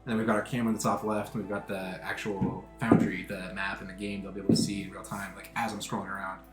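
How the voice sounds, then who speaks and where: A man's voice: fairly low pitch, flat delivery, fast, reverberant, loud music behind the voice. A man running a tabletop game who chats casually and explains the rules patiently. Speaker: game master.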